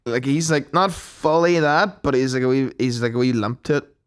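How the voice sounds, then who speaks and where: A man's voice: mid-range voice, moderate pace, clear, resonant tone. A man co-hosting a podcast, joining in with easygoing, laughing banter. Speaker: podcast co-host. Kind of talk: casual chat.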